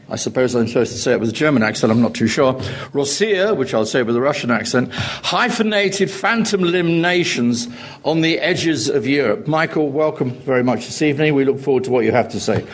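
A man's voice: mid-range voice, brisk, slightly rough. A man at a lecture introducing the speaker, genial and joking, with frequent ums and restarts. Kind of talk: formal introduction with asides. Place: lecture hall.

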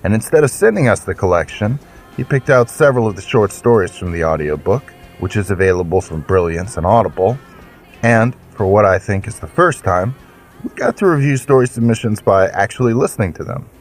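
Male podcast host, lowish voice, theatrical and jokey, faint music under him. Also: lively intonation, fairly quick. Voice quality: theatrical, jokey, mock-grand self-introduction. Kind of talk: playful scripted intro with mock fantasy banter.

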